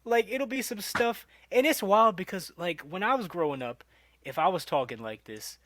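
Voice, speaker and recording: Young man, podcast co-host, casual and animated, slightly high voice, dry booth sound. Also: normal speed, dry recording. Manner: animated, laughs often, acts out quoted voices. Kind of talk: casual chat.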